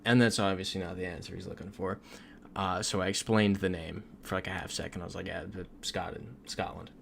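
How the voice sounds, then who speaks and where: A young man from Florida on a gaming livestream talks in a low, gravelly voice and laughs as he reads out comments. Faint noise and keyboard typing sit behind him. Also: steady tone, fast talker. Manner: chatty, reads viewer comments aloud, laughs often. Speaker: streamer. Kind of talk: casual livestream chat while gaming.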